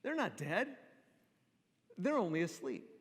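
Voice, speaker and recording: A man preaching a sermon, repeating phrases for emphasis and dropping to soft, slow pauses. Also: high voice, sing-song, breathy edge. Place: church sanctuary. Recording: long reverb of a church hall.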